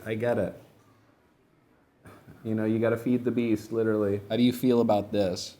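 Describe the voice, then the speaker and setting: A man's voice: on the low side, little pitch movement, moderate pace, long pauses, mellow. A young man rambling and joking in a casual comedic monologue while feeding animals.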